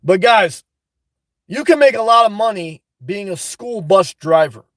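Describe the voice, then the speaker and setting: A man hosting a livestream from inside his car, reading out viewer comments and answering bluntly, often breaking into loud, laughing rants. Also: high voice, animated, measured pace, no room sound, clean studio sound. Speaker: livestream host. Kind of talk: live-stream chat reading.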